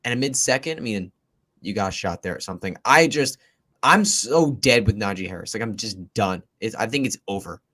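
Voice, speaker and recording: A man co-hosting a live fantasy football chat, talking in an animated, emphatic way and often repeating himself. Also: on the low side, brisk. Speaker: podcast co-host.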